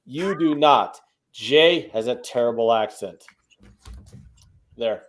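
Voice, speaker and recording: A man's voice: mid-range voice, expressive, slow pace. A man from the American Midwest co-hosting a casual betting podcast, ranting emphatically and swearing often. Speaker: co-host.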